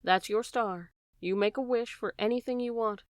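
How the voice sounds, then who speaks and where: A woman reading aloud and voicing a poor young boy with plain, pleading speech that breaks into shouting. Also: a little high, normal speed, clean tone, no echo, studio quality, natural voice. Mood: tender.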